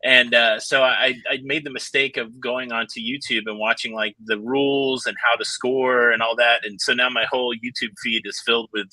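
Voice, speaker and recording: A man joining a live stream as a guest over a video call, joking with deadpan asides. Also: mid-range voice, normal speed, hardly any pauses, no echo, poor audio. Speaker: cruise YouTuber guest. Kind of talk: casual live stream chat.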